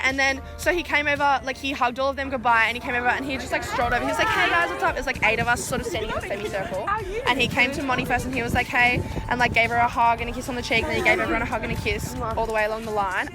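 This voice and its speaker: Fast-talking young woman vlogger. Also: a little high. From Australia. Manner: chatty, swears a lot, heavy use of "like". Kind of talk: excited casual storytelling.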